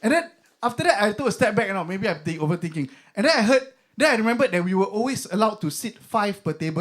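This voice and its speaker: A man's voice: high voice, animated, fast, fairly bright tone. Man, young adult, Singaporean accent, stand-up comic, conversational, filler-heavy. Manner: conversational, filler-heavy, mock voices for bits. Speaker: stand-up comedian. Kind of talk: stand-up comedy set.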